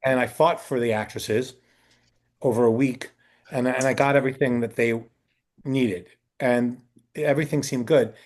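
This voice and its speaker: A man's voice: mid-range voice, fairly even intonation, normal speed, darkish tone. A man who works as a talent agent answers interview questions in a casual way, telling long anecdotes, acting out the people he quotes and using many fillers and restarts. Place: indoor sit-down interview.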